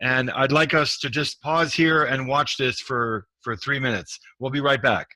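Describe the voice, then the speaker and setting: Show host guy, really bright sharp voice, dry close sound. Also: medium pitch, fairly even intonation, measured pace, dry recording. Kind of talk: hosting an online talk show.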